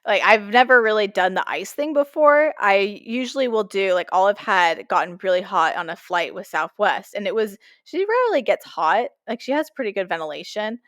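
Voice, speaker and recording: Woman podcast co-host, lively storyteller, mid pitch, dry close mic. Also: no room sound. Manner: animated storytelling with lots of "like". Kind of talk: casual chat.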